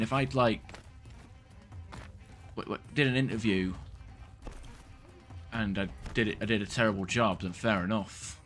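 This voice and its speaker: A man's voice: on the low side, moderate pace, long pauses, fairly bright tone, faint music behind. A man streaming a game, rambling casually and venting in frustration, with occasional swearing. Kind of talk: casual gameplay chat.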